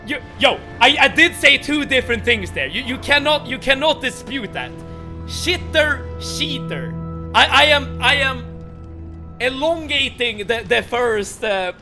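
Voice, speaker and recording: A man's voice: extremely high pitch, expressive, moderate pace. A young man with a Swedish accent, casually chatting while streaming a game, stumbling and repeating words as he starts sentences. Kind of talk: casual gameplay chat. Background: game music.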